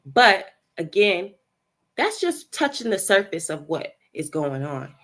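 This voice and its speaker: A woman hosting a podcast, calmly recapping and explaining events in a measured way. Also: mid-range voice. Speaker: podcast host.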